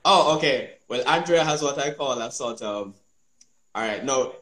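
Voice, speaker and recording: A man's voice: mid-range voice, animated, moderate pace, fairly bright tone, roomy sound. A man with a Jamaican accent, a TV news reporter chatting good-humoredly on a panel. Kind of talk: casual panel chat.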